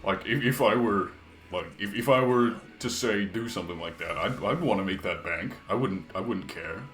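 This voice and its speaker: Deep-voiced man streaming games in a roomy space. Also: moderate pace, fairly bright tone. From half British, half Canadian. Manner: crude, joking banter with chat. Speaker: game streamer. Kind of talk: casual gaming livestream, reading chat aloud. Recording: echoey room with faint music behind.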